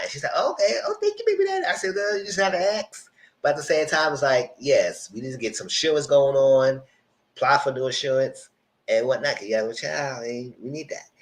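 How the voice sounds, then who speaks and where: A man with a medium-pitched voice, heard on poor audio, hosts a live TV review. He recaps episodes in a chatty, rambling way, slipping into character voices as casual commentary.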